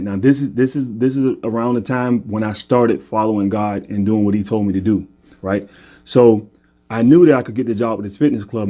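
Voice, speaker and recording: A man's voice: medium pitch, mellow. A man casually telling a personal faith story, earnest and often repeating himself, checking in with "right?". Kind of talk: casual testimony monologue.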